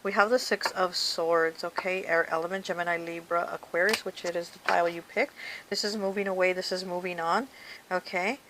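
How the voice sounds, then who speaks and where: A woman's voice: on the low side, steady tone, fairly quick, noisy background. Chatty woman reading tarot cards. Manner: chatty, addresses the viewer directly, frequent "okay" and "you know". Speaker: tarot reader. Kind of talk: casual tarot card reading to viewers.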